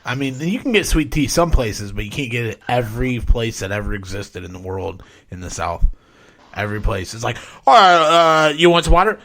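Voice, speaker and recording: A man's voice: fairly low pitch, fairly quick. A man from Ohio joking loosely in casual podcast banter, repeating himself as he talks. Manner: laid-back, repetitive, joking.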